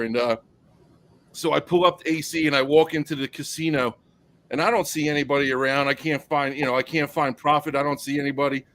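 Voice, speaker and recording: A man's voice: on the high side, steady tone, brisk, a bit bright. A man in his thirties hosting a podcast, chatting casually and rambling through stories with lots of fillers. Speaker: podcast host. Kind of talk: casual podcast chat and storytelling.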